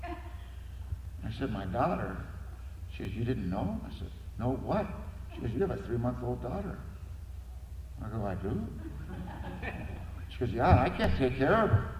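A man's voice: mid-range voice, sing-song, unhurried, long pauses. A middle-aged man giving a personal recovery testimony, earnestly telling his story and acting out the dialogue in it. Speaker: recovery meeting speaker. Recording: echoey hall with noise.

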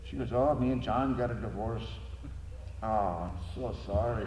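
A man's voice: fairly low pitch, normal speed, dull audio. A middle-aged man giving a personal recovery testimony, earnestly telling his story and acting out the dialogue in it. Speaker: recovery meeting speaker. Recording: echoey hall with noise.

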